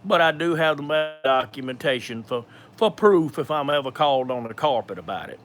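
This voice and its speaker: A man's voice: medium pitch, animated, fairly quick, fairly bright tone, soft background music. Man with a thick Georgia accent. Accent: thick Georgia Southern. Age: 50s. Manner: rambling, folksy, with frequent fillers and restarts. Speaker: ministry speaker. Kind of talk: live question-and-answer session.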